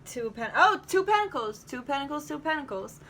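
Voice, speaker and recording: A woman's voice: sits high, big pitch swings, a little fast, bright, forceful tone, a little hiss or hum. A young woman doing a casual tarot reading to camera, chatty, swearing freely and acting out little quoted asides. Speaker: tarot reader.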